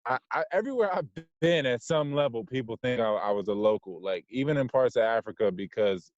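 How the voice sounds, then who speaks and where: A man's voice: medium pitch, lively intonation, brisk, dry recording, highs cut off. A man in his thirties with a mixed American accent and a slightly nasal voice, a podcast guest talking loosely with lots of fillers. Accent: mixed American, Californian with Jersey and Detroit touches. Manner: loose and rambling, many "like" and "you know what I mean" fillers. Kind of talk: casual conversational interview.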